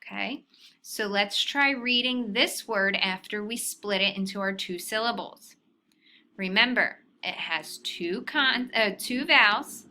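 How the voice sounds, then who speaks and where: A woman's voice: mid-range voice, bright, forceful tone, a little hiss or hum. A woman teaching a phonics lesson to young children, patient and sounding out syllables.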